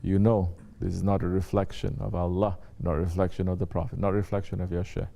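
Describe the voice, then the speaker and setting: This man talks fast in a low, warm, creaky voice with a flat delivery. Acting as a Sufi teacher, he gives his students a spiritual talk, repeats his points, and keeps checking in with short rhetorical questions.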